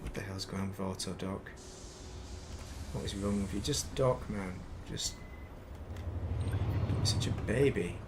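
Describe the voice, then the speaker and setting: A man's voice: sits low, measured pace, long pauses, background noise. A British man streaming a game, giving casual commentary and muttering and swearing at it as he plays.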